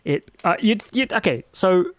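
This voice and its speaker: Streamer, swears at an AI while coding live, lively pitch, dry close sound. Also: measured pace, no echo. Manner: swears a lot at an AI chatbot, mutters and reads aloud; swings between low muttering and loud outbursts.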